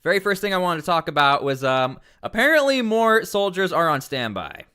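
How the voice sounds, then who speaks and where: A man's voice: high-pitched, sing-song, brisk, bright, forceful tone, clean tone. A man commenting on news during a casual livestream, rambling with many fillers and restarts.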